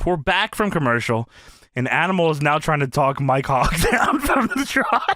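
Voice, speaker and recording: Excitable, laughing podcast man. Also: fairly high pitch, normal speed, no room sound, studio quality. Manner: excitable, laughing, swears freely, narrates events. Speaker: podcast co-host. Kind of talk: casual retro wrestling review chat.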